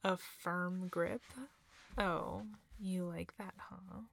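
A woman in a whispered role-play, speaking softly and teasingly with a husky, breathy voice close to the mic. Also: fairly low pitch, level tone, a little hiss or hum. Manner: soft, teasing, slow and breathy, with frequent murmurs.

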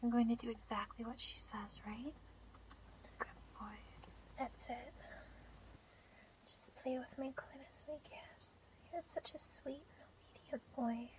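A young woman in a whispered role-play, speaking in a soft, teasing whisper with breathy murmurs. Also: fairly high pitch, unhurried, long pauses. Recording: dull lo-fi audio with faint background hiss.

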